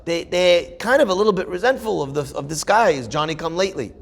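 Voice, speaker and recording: A man's voice: high voice, expressive, quick pace, creaky. A man, a rabbi, telling a Torah story vividly, acting out the dialogue of its people.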